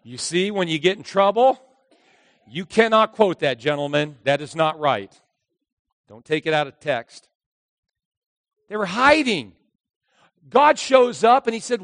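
Pastor, male, high voice, animated sermon delivery, dry close mic with a long hall tail. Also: a little slow, pauses often. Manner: animated, acts out voices of characters.

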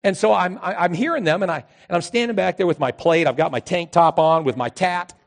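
A youth pastor preaching a sermon in story form, animated, moving between loud emphasis and hushed earnest passages. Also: male voice, high-pitched, a little fast, vocal fry.

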